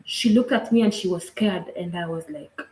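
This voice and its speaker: A woman with a Kenyan accent telling a personal story earnestly, in a halting way with frequent asides. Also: lowish voice, a little mellow. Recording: roomy echo.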